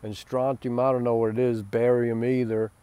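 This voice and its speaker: A man's voice: medium pitch, little pitch movement, moderate pace, warm tone, clear, resonant tone, lightly acted. A man voicing a worried ordinary person in an exaggerated put-on accent, speaking plainly and fretfully.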